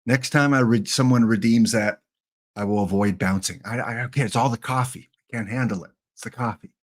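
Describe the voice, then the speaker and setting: A man's voice: mid-range voice, brisk. A Canadian man in his fifties, a game streamer chatting casually and jokily with his viewers. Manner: rambling, jokey, talks to chat. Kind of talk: casual live-stream chat.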